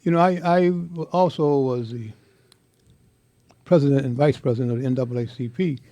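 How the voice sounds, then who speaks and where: An older man telling a heartfelt story in an interview, speaking with impassioned, halting repetition. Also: mid-range voice, dark tone, no room sound. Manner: impassioned, halting, repeats words. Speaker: interviewee, veteran.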